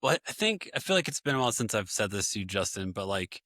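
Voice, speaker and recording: A man's voice: fairly low pitch, very animated, fast talker, sharp tone, dry recording, studio quality. A man hosting a podcast in casual chat, earnest and reflective. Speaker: podcast host.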